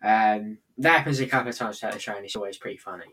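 A man's voice: on the low side, very fast, pushed and bright, husky. Man giving earnest opinions. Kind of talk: casual review chat.

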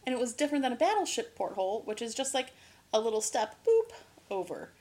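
A woman's voice: fairly high pitch, expressive, fast talker, darkish tone. A woman co-hosting a podcast in casual chat, talkative, laughing often and swearing freely. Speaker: podcast co-host.

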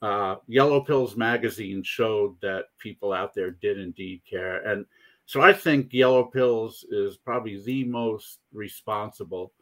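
A man's voice: fairly low pitch, fairly bright tone. A man hosting a casual chat show, talking in a rambling way with many restarts. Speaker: podcast host.

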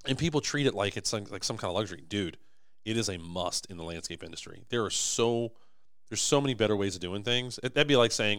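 A young man chatting enthusiastically on a podcast about his company, his voice going hoarse. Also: fairly low pitch, brisk, fairly bright tone, no room sound, clean studio sound. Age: young adult. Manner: enthusiastic, emphatic salesman. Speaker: podcast host, manufacturing company owner. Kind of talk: casual podcast chat.

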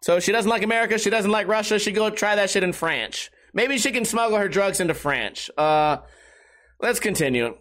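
A young man with a high-pitched voice hosts a loose, profane talk show. He rambles and mocks himself. His pitch jumps up and drops low as he riffs. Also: animated, normal speed, fairly bright tone. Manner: rambling, self-mocking, swings between high and low pitch. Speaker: podcast host. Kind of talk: casual profane rant.

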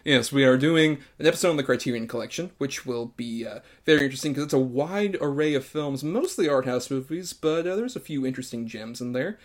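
A man hosting a podcast in casual chat, easygoing and quick to laugh. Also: medium pitch. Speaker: podcast host.

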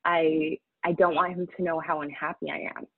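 A woman speaking candidly in an interview, halting and emotional, close to tears at times. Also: sits low, level tone, no echo. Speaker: guest sharing a personal story. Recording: tinny phone-like audio.

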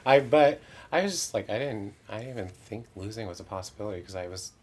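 A man's voice: on the low side, animated, quick pace, slight background noise. A man who performs in drag, chatting candidly in an interview with many "like" fillers and self-mocking asides. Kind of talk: casual interview chat.

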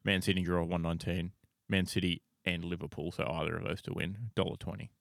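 Very low gravelly man, laid-back. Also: level tone, fairly quick, no echo, studio quality. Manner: laid-back, chimes in with short agreements and betting odds. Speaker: podcast co-host. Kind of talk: casual sports chat.

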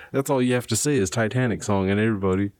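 A laid-back young man hosting a podcast, talking casually with plenty of swearing and laughter. His voice sits low, and the sound is close and dry. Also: brisk, darkish tone, no room sound. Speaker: podcast host.

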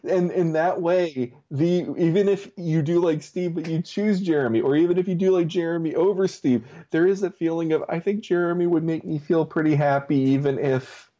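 A man's voice: fairly high pitch, normal speed, few pauses, dark tone, highs cut off. Rambling, laughing man podcaster. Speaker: podcast co-host. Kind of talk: casual chat.

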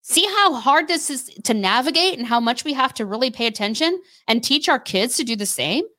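A woman co-hosting a casual faith discussion, telling stories with emphatic repetition and quick restarts. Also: high voice, lively intonation, bright, forceful tone. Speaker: podcast co-host.

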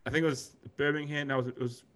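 A man's voice: mid-range voice, level tone, racing, fairly bright tone. A man with an Australian accent co-hosting a podcast, chatting in a rambling, laid-back way and calling his co-host mate. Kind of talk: casual chat.

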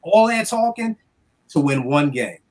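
A man's voice: a little high, unhurried. A man from the DC area, a youth counselor telling stories in a casual podcast chat, acting out what people said and swearing freely. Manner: animated storyteller acting out quotes, swears freely. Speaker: youth counselor and music producer.

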